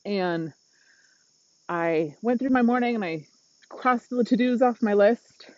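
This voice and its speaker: A woman's voice: a little high, slow, darkish tone, no echo, lo-fi sound. A woman, a mindset coach, talking candidly and emotionally on a live stream while walking outdoors, laughing often. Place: outdoors on a windy walk. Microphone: phone.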